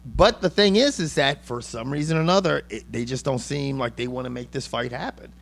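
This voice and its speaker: A man's voice: medium pitch, brisk, creaky. Profane rambling male boxing host. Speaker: podcast host. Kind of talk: casual chat, boxing talk.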